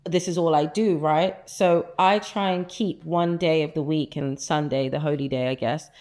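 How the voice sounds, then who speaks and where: A woman's voice: sits low, fairly even intonation, moderate pace, a little mellow. A young woman vlogging casually from her apartment, chatty and enthusiastic with lots of fillers. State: out of breath. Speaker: lifestyle vlogger. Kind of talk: casual vlog chat. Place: her apartment living room, indoors.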